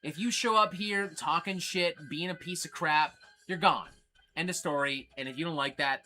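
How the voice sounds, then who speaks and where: Male metal-stream host: blunt, swears constantly, bright, forceful voice. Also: on the high side, normal speed. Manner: profane, blunt and ranting; excitable while showing records. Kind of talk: livestream casual chat.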